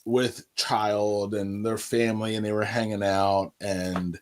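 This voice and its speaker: A man's voice: on the low side, level tone, slow, slight background noise. A man co-hosting a casual livestream chat, laid-back with dry quips and frequent chuckles. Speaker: co-host of a livestream.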